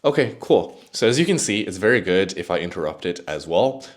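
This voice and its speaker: A man's voice: low-pitched, very animated, brisk. A man hosting a casual tech review video, chatting with an AI assistant as he goes. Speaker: tech YouTuber.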